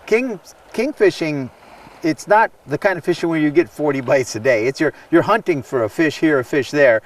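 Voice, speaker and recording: A man's voice: on the high side, lively intonation, moderate pace, far from the mic. A man hosting a fishing show, chatting enthusiastically on a river boat and rambling with many restarts. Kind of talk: casual on-the-water chat.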